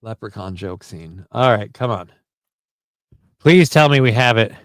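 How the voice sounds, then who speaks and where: A man's voice: lowish voice, expressive, measured pace, no echo. A man hosting a casual livestream, loose, profane and jokey, reading chat comments and card text aloud. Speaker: livestream host.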